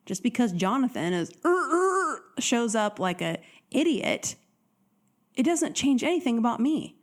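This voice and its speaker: Animated woman dating coach. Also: fairly high pitch, a little slow. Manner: animated, acts out quoted voices. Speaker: dating coach podcast host. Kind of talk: casual motivational monologue.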